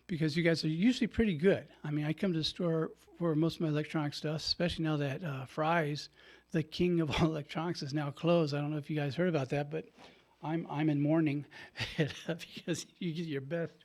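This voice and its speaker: Older male radio host, fairly high voice, chatty storyteller who laughs a lot and acts out his own quotes. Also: darkish tone. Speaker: radio show host and priest. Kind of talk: casual storytelling monologue. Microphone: studio microphone.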